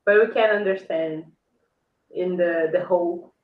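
A woman from Brazil with a Brazilian Portuguese accent, speaking English as a second language in a casual interview, hesitant with many fillers and quick to laugh. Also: on the low side, echoey room, phone-quality sound. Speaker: guest.

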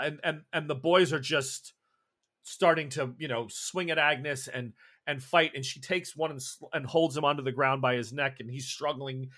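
A man with a slightly high voice runs a tabletop horror game, laying out scenes and rules as game master. He describes gory action in a loose, searching way, often restarting his sentences. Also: steady tone, normal speed, pushed and bright.

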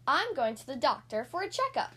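A jittery young boy cat from a children's storybook, voiced by a woman, stammering when he gets frightened. The voice sits high and swoops up and down with lively pitch. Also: brisk, full character voice. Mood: excited.

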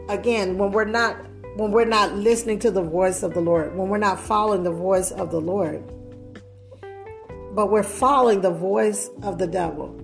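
A woman's voice: medium pitch, creaky, a little mellow. A woman preaching a sermon earnestly, putting rhetorical questions to her listeners.

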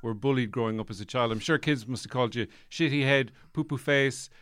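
A man's voice: medium pitch, a little fast, a bit bright, dry recording, studio quality. An Irish man hosting an improvised comedy chat, mock-interviewing and teasing his guest. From Ireland. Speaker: comedy podcast host.

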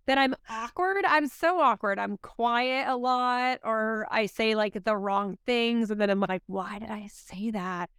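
A woman's voice: on the high side, unhurried, hardly any pauses, fairly bright tone, smooth, dry recording, clean studio sound. A woman co-hosting a podcast in casual chat, rambling and filling her speech with "like". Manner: rambling, heavy use of "like". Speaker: podcast co-host.

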